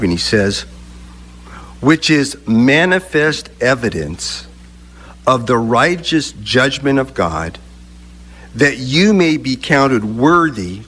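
A man preaching a sermon, speaking deliberately with emphatic pauses between phrases. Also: medium pitch, a bit bright. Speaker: pastor.

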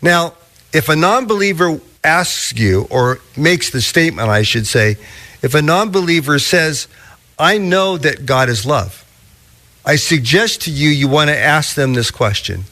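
Slow, deliberate male preacher. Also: fairly high pitch, lively intonation, pushed and bright. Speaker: pastor. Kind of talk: sermon.

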